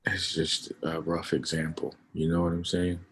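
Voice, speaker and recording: A man hosting a livestream, talking casually and emphatically about his views and getting loud at times. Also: sits low, level tone, moderate pace, husky. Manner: emphatic, rising to loud outbursts. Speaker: livestream host. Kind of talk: casual opinion chat on a livestream.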